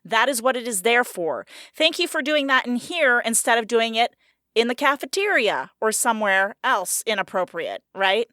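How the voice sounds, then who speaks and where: A woman's voice: a little high, expressive, normal speed, bright, forceful tone, no echo, clean studio sound. A woman co-hosting a casual podcast, talking frankly and laughing often. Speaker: podcast co-host. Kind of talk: casual chat.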